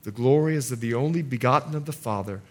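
A man preaching a sermon in an animated way, acting out little asides for the congregation. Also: mid-range voice, quick pace. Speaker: pastor.

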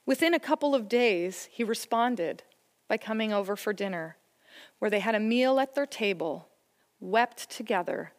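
A woman's voice: mid-range voice, animated, normal speed. A woman giving an earnest, encouraging sermon about parenting and faith, mixing scripture with personal stories. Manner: earnest, encouraging, story-telling. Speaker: church speaker on family faith. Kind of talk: sermon talk. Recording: long hall reverb.

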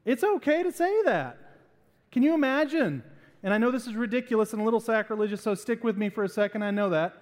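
A man preaching a sermon as pastor, animated and acting out little voices to make a point. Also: sits high, fast talker, long reverb tail.

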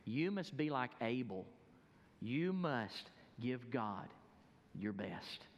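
A man preaching a sermon as a pastor, emphatic and urging, dropping to a hush for prayer. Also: mid-range voice, sing-song, slow pace, long reverb tail, muffled recording. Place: church sanctuary.

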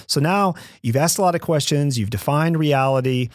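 Measured man explaining, dry close mic. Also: mid-range voice, expressive, dry recording. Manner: measured, explains step by step with acted-out quotes. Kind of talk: conversational podcast advice.

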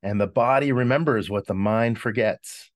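A man talks through what breathwork does to people, pausing and restarting as he reflects. His voice sits on the low side for a man. The sound is dry and close, with little room around it. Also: dry recording. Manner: reflective, explanatory, frequent restarts. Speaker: breathwork facilitator. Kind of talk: casual podcast conversation.

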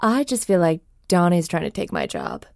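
A woman in an improvised comedy bit, speaking in a mock-dramatic, exasperated deadpan. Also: lowish voice, moderate pace, creaky, no room sound, clean studio sound. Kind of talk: deadpan comic banter.

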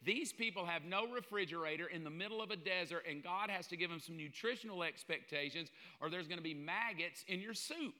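A man preaching a sermon in an animated, joking way, often mimicking the voices of other people. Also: sits high, a little fast, few pauses. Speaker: pastor. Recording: long hall reverb.

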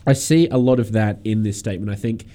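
A young man co-hosting a casual radio music show speaks quickly in a fairly low, warm voice. He's opinionated and talks at length, giving long takes.

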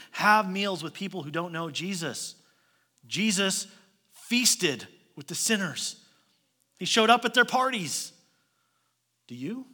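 A man's voice: a little high, pushed and bright. A male pastor preaching a sermon in a church, conversational, with pointed rhetorical questions and light joking asides. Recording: long reverb of a large hall.

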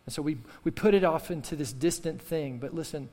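With a somewhat high, slightly mellow voice and a big-room sound, a male pastor delivers an impassioned sermon fairly quickly. He repeats key phrases and draws the congregation into call-and-response.

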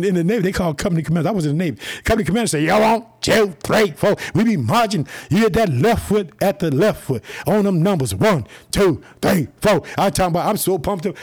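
Pumped up chicago preacher guy, husky voice, goes way up and down. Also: high voice. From Chicago, United States. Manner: fervent, preachy, shouting praises. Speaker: podcast preacher. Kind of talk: excited podcast sermon.

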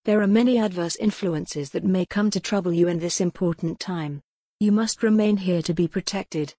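An earnest, protective old man in an audiobook, as a woman puts him on. The voice is lowered and serious, recorded dry and close. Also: normal speed, mellow, no echo, close to an everyday voice.

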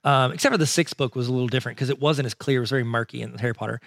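A man's voice: mid-range voice, rapid-fire, vocal fry, fairly bright tone, dry recording, clean studio sound. A man co-hosting a podcast in casual chat, rambling and joking at his own expense. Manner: rambling, jokey, self-mocking. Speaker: podcast co-host.

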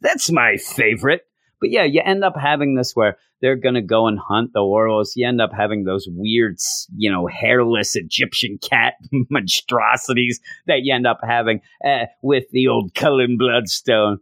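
A man's voice: mid-range voice, moderate pace, a bit bright, no room sound, clean studio sound. A man giving a sarcastic, exasperated comedic rant as a comic book reviewer, acting out scenes in different voices.

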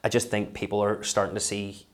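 A man's voice: on the low side, little pitch movement, a little fast. Man, Northern Irish accent, comedian, podcast guest, rambling, fillers, self-deprecating. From Northern Ireland. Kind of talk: podcast interview, casual chat.

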